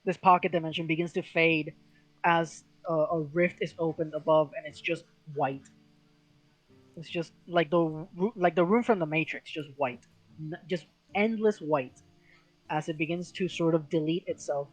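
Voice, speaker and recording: A game master narrating a tabletop game in a casual, halting way, with many fillers. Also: medium pitch, faint music behind, low-quality recording.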